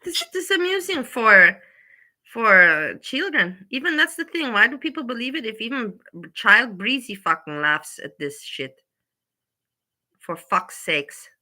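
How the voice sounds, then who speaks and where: A woman's voice: a little high, very animated, a little slow, sharp tone, low-quality recording. A woman ranting in exasperated reaction commentary, swearing as she talks. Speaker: commentary streamer.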